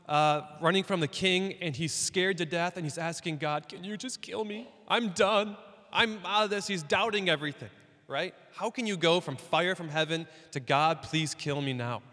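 A man's voice: on the high side, bright, forceful tone. A young man preaching a sermon in a conversational way. He often asks the listeners questions and acts out the doubting voices he quotes. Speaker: pastor. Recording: long hall reverb.

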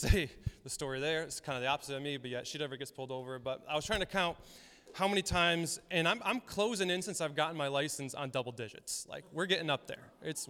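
A young male pastor preaches in a hall with a long reverb that trails after his words. His voice sits a little high, and its tone is smooth and resonant. He keeps things conversational, telling stories and laughing along the way. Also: bright, forceful tone. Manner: storytelling, conversational, laughs often. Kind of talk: sermon. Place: church hall.

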